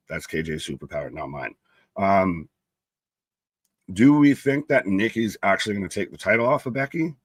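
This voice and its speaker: A young man co-hosts a live wrestling watch-along from a home setup, talking casually and greeting chatters by name. His voice sits low. The sound is dry and close to the mic. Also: fairly bright tone, no room sound. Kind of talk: casual live-stream chat, reading viewer comments.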